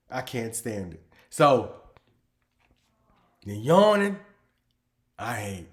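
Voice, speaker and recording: A man delivers an unhurried comedic monologue, letting his words stretch out. He jumps between low, muttered asides and sudden loud outbursts, and his voice sits at an ordinary middle pitch. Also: big pitch swings. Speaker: comedian host.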